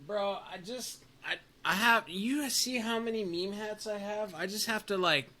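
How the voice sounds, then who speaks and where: A man's voice: high voice, measured pace, bright, forceful tone. A young man co-hosting a podcast, teasing and goofing around, often trailing off into a mumble. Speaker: podcast co-host. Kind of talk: casual podcast banter.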